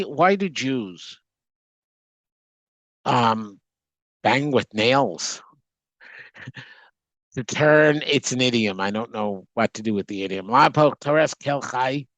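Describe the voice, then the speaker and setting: Slow, halting man translating a text. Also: medium pitch, a bit bright, no echo, low-quality recording. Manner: halting, restarts words while translating aloud. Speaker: Torah teacher. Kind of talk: text study class, translating line by line.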